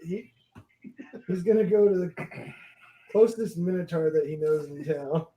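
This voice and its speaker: A man playing a tabletop game, talking gleefully in a slow, drawn-out way. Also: a little high, dark tone. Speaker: player. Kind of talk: casual game-table chat. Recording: echoey room.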